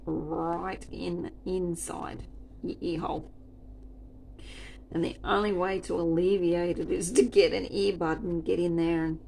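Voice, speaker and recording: A woman's voice: fairly low pitch, gravelly, darkish tone, slight background noise. A woman who works as a restaurant server, telling stories in a chatty, wry and rambling way. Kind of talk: casual storytelling chat.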